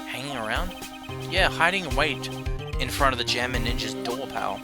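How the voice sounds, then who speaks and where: A performer voicing a gruff, clumsy male police detective who keeps calling people "pal", over game music. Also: mid-range voice, animated, moderate pace, close to an everyday voice. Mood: plain. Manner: says "pal" a lot. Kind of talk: game playthrough voice acting.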